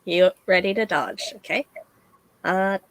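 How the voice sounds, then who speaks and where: A woman running a tabletop game as game master, speaking in a slow, hesitant way with many fillers. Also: medium pitch, vocal fry, dry recording, poor audio.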